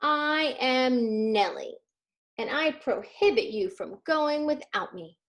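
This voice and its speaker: A bossy little girl with a high, pushy voice, as a woman reading aloud puts her on. She speaks slowly and firmly, leaning hard on each word. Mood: insistent.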